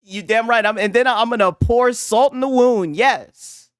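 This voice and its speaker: A man's voice: very high-pitched, measured pace, smooth, no room sound, studio quality. A man hosting a casual gaming livestream, mocking his audience with frequent laughter and profanity. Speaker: gaming commentary streamer.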